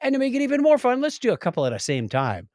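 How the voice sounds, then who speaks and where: Animated man co-hosting a podcast. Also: very high voice, very fast, dry recording, studio quality. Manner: animated, jokey, bursts of loud exclamation. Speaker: podcast co-host. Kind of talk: casual chat.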